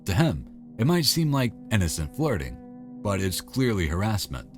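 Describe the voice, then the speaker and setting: A man's voice: lowish voice, sing-song, moderate pace, soft background music. A man giving wry, conversational scripted narration.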